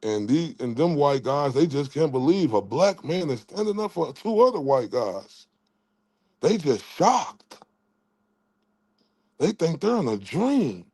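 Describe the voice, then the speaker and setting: A man in a mocking, trash-talking rant, taunting his target and tripping over repeated words. His voice sits a bit high for a man. The sound is dry and close, with no room. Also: very animated, measured pace, a little mellow, husky, no echo. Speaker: channel host.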